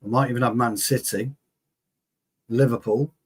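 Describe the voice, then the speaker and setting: Brief: man, co-host, rowdy and jokey, husky voice with a mid-range pitch, swears a lot. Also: steady tone, normal speed. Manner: boisterous, joking, swears freely. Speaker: football show co-host. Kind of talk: casual chat.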